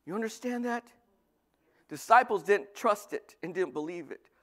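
A male pastor preaching a sermon, lively, swinging from loud bursts to soft asides. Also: high-pitched, normal speed.

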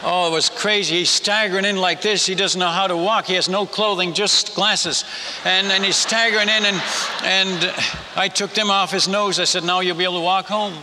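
A man's voice: high-pitched, steady tone, normal speed. Older Dutch man preaching in a hall. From Netherlands. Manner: folksy, humorous, with many restarts. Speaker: missionary speaker. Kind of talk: storytelling sermon. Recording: long hall reverb with faint noise.

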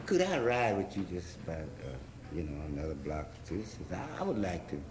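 A man's voice: low voice, sing-song, brisk, echoey room, noisy background. A man telling a rambling story in a loose drawl, talking blues over guitar. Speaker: blues singer. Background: electric guitar playing.

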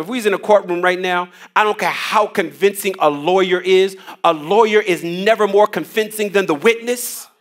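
A man's voice: sits high, bright, forceful tone. A man leading a church Bible study on a headset mic, teaching with energy, casual slang and call-and-response lines to the room.

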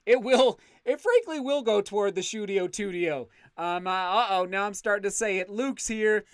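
Livestream host, male, effusive and excitable; smooth, resonant tone. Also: high voice, moderate pace, no room sound, clean studio sound. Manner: excitable, effusive thanks, frequent restarts. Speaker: channel host reading live chat. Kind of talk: casual livestream chat.

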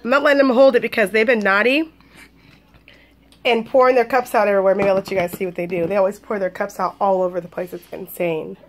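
A woman's voice: medium pitch, steady tone, fast talker. A young woman vlogging at home with her twin toddlers at dinner, switching between chatting to viewers and sing-song baby talk to the boys. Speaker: vlogger and mother of twins. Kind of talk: casual home vlog.

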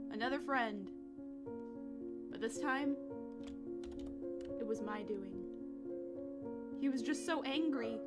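A woman hosting a let's play, chatting to game creatures and breaking into excited shrieks. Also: on the high side, extremely slow, long pauses, loud music behind the voice. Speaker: gaming channel host. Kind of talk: let's play gaming commentary.

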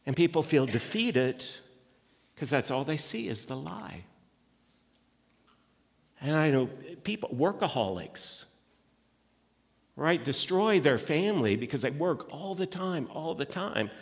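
A man's voice: a little high, sing-song, unhurried, gravelly, pauses often, long reverb tail. A man preaching a sermon as lead pastor, talking conversationally with quoted asides and frequent restarts. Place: church sanctuary.

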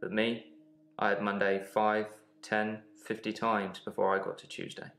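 Weary grieving man in a game, low, gravelly, echoey. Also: moderate pace. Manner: weary, flat, subdued. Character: grieving man reliving the same day, weary.

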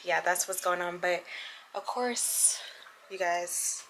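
A woman's voice: lowish voice, slow pace, a bit bright. A young woman, chatting casually to her vlog viewers and calling them y'all. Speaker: travel vlogger. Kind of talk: casual vlog chat to camera. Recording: noisy phone-camera vlog audio.

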